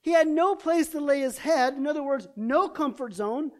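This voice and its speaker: A man's voice: extremely high pitch, lively intonation, moderate pace. A man preaching a sermon in an impassioned way, building through repeated rhetorical questions.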